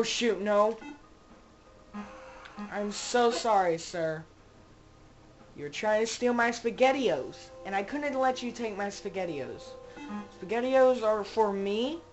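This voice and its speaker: A woman gives unhurried, casual commentary while playing a game. Her pitch sits mid-range for a woman, and she rambles and jokes as she talks to her characters. Soft game music plays faintly underneath. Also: rough recording. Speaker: gamer playing a zombie survival game. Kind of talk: casual let's-play commentary.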